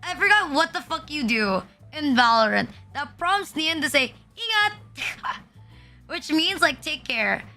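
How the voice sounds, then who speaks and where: A woman's voice: high-pitched, expressive, moderate pace, few pauses, bright, forceful tone, soft background music. A young adult woman streaming as a VTuber, chatting casually and rambling with frequent swearing and restarts. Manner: rambling, swearing, self-interrupting.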